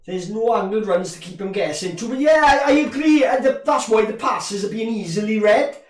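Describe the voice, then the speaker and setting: A man's voice: sits high, lively intonation, brisk, recorded from a distance. A middle-aged man with a Llanelli Welsh accent, chatting casually while he streams a live rugby match and reads out viewer comments. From Wales. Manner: chatty, rambling, laughs often, reads chat aloud. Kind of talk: casual live rugby watch-along chat. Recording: roomy echo, voice a bit off-mic.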